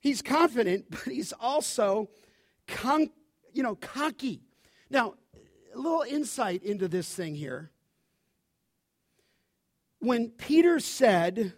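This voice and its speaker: A man preaching a sermon as pastor, animated, often asking his listeners to finish his sentences. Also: high-pitched, a little slow, pauses often, no room sound, clean studio sound. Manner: animated preaching, asks the congregation to fill in words.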